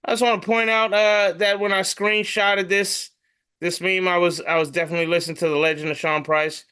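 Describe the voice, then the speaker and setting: A man's voice: high-pitched, flat delivery, fairly quick, sharp tone, smooth. A man co-hosting a casual comedy podcast, reading memes aloud and joking, swearing freely.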